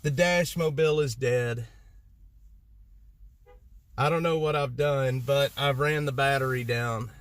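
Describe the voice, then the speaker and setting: A man's voice: medium pitch, fairly even intonation, unhurried, long pauses. A man, live-streaming from beside his broken-down car in the cold, joking with viewers and sounding exasperated. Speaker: livestream host. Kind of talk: casual live-stream chat.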